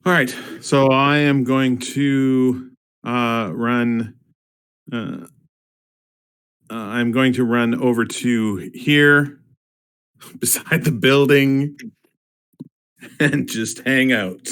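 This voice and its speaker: A man's voice: mid-range voice, steady tone, very slow, pauses often, fairly bright tone, clean tone. A man playing in an online tabletop game, talking casually and laughing often between words. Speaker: player.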